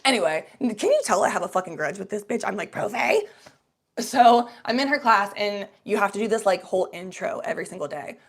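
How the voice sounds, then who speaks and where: A young adult woman vlogger telling a casual story to her live chat, animated and swearing freely as she acts out other people's voices. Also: mid-range voice, a little fast.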